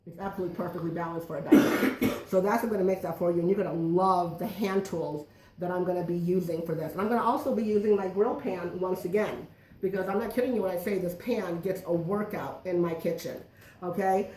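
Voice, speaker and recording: A woman's voice: lowish voice, fast talker, warm tone, far from the mic, a little hiss or hum. A middle-aged woman giving a chatty, joking cooking demonstration to a small audience in a home kitchen. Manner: joking, self-deprecating, chatty. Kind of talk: live cooking demo patter. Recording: echoey room, voice from afar.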